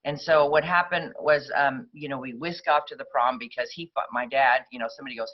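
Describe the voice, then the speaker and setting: A woman's voice: rumbling low, brisk, few pauses, muffled recording. A woman speaking at a recovery meeting, telling her personal story in a rambling, conversational way full of fillers.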